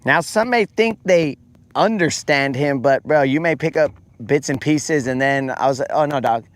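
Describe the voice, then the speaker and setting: A man hosting a fishing livestream, chatting casually and animatedly with viewers in slang and acting out quoted voices. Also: normal speed. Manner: animated storyteller, slangy, acts out quotes in a higher voice.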